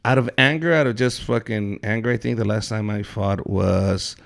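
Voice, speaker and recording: A young man hosting a podcast, telling loud, animated stories and swearing a lot. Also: on the low side, moderate pace, vocal fry. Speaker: podcast host, comedian. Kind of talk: casual podcast chat.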